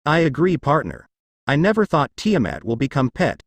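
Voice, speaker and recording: A man's voice: on the high side, very animated, moderate pace, dry recording. A man reading aloud as a crude, mocking male dragon spirit sealed in a weapon.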